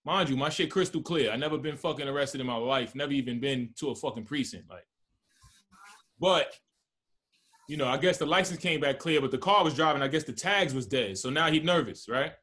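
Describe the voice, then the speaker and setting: A man's voice: mid-range voice, expressive, a little fast, sharp tone. A man, animatedly telling a story with lots of swearing in casual podcast talk. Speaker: podcast co-host.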